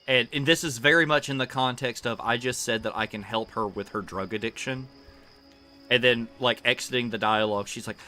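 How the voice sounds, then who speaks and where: A man's voice: mid-range voice, steady tone, fairly quick, bright, forceful tone, faint music behind. A man streaming a video game, chatting casually with fillers and laughs as he plays. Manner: rambling, laughing, full of fillers. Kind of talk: casual gameplay commentary.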